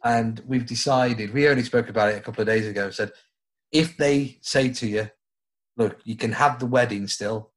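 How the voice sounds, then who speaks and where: A man's voice: mid-range voice, moderate pace. A young man with a Stoke-on-Trent accent, a radio presenter chatting casually in a jokey, rambling way. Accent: Stoke-on-Trent English. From Stoke-on-Trent area, England. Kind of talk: casual chat.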